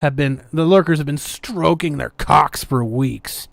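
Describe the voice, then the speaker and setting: A woman's voice: low voice, measured pace, creaky, dry recording. A woman hosting a podcast, ranting in a sarcastic, defiant way as she comments casually. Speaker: podcast host.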